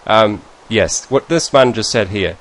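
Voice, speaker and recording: An unhurried vlogger with a voice on the low side and a northern English accent from northeast England chats casually to his viewers over a screen share. His talk rambles, with frequent mid-sentence self-corrections and chuckling asides.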